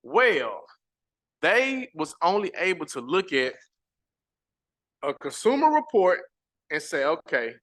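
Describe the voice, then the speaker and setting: Bright-voiced man teaching a live lesson. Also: high-pitched, very animated, slow pace, pauses often. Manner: repeats key points emphatically to viewers; casual, chatty asides to the audience. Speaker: credit repair educator. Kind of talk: live-stream lesson reading slides aloud.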